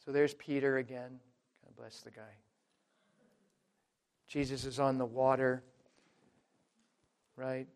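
A man preaching a sermon in an emphatic, conversational way, talking straight to the listeners and swinging between loud and quiet. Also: mid-range voice, flat delivery, slow, pauses often. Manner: addresses listeners directly as folks.

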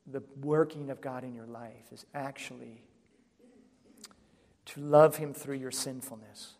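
Male preacher, conversational sermon that keeps checking in with listeners, mid-pitched, echoey hall. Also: fairly even intonation, a little slow, gravelly, a little mellow. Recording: echoey hall with long reverb.

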